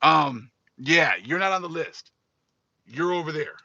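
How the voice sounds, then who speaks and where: A man voicing a male angel who calmly checks names against a list. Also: a little high, unhurried, gravelly, no room sound, lo-fi sound, full character voice. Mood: matter-of-fact.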